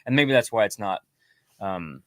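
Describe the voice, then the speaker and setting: A man's voice: fairly low pitch, animated, normal speed, a bit bright, no room sound. A man who is a songwriter and singer, a guest on a podcast, talking casually in a rambling, self-deprecating way with many hesitations. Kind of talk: casual interview chat.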